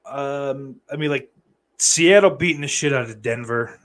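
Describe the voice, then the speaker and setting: A man's voice: mid-range voice, measured pace, a bit bright. A man with an ordinary mid-range voice hosts a live podcast, chatting loosely. He is sardonic and heavily profane, and he throws out mock threats. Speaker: podcast host reading live chat. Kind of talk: casual live-stream chat.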